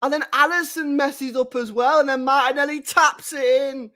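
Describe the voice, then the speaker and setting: A young man hosting a live football watchalong, reacting to the match, talking to his chat and bursting into shouts and laughter. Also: very high voice, unhurried, hardly any pauses. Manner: excitable, bursts into shouts and laughter, chats to viewers.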